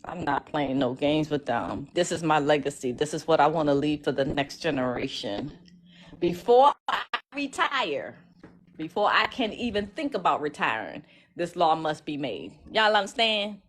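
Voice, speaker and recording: A woman's voice: deep voice, lively intonation, moderate pace, slight background noise. Emotional chatty woman on a livestream. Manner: emotional, chatty, with many restarts. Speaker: legal educator streaming live. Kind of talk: casual livestream talk to followers.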